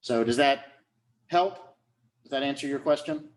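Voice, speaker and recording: A man's voice: medium pitch, measured pace, echoey room. A man lecturing on law, explaining step by step and often checking whether students follow. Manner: checks understanding often, repeats phrases.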